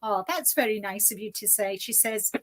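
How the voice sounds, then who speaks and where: A woman's voice: mid-range voice, normal speed, a bit bright. A woman host with a Scouse-tinged northwest English accent, chatting casually on a live video call and reading out viewer comments with giggles. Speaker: host of a live crochet stream. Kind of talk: casual live-stream chat.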